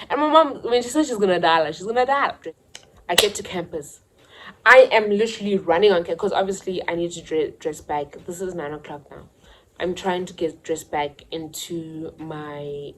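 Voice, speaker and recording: A young South African woman tells a story from her own past in a casual, chatty way. Her voice sits a little low, and she jumps up high to play the people in the story. A faint hum runs under the recording. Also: low-quality recording. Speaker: YouTuber.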